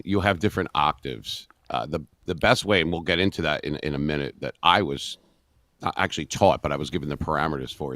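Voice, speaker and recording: A middle-aged radio and voice-over man on a video call, talking casually and evenly with frequent pauses. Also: dry recording. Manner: deep booming voice, speaks monotone with many pauses. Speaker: radio host and voice-over artist. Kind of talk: casual interview talk.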